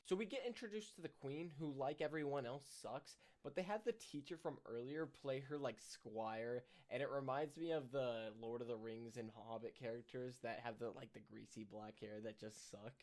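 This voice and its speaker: A man's voice: mid-range voice, normal speed, hardly any pauses, a little mellow. A man giving casual, dry, sarcastic commentary on a movie, with some hesitation. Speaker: movie reviewer.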